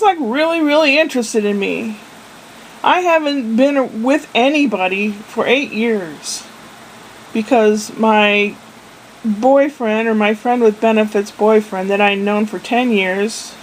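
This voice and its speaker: A woman's voice: on the high side, slight background noise, low-quality recording. An older woman in a casual video diary, chatty and meandering, with a self-deprecating manner. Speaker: vlogger.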